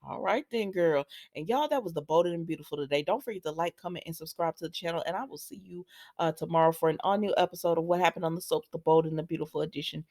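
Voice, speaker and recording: A woman hosting a casual soap opera recap vlog, chatting to her viewers in an animated, sassy way. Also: lowish voice, fast, dry recording, clean studio sound. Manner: animated, talks straight to viewers with playful sass.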